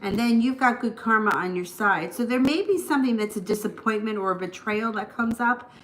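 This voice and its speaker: A woman's voice: a little high, brisk, a bit bright. A woman giving a casual live tarot reading, chatty and prone to rambling asides. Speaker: tarot reader. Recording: echoey room.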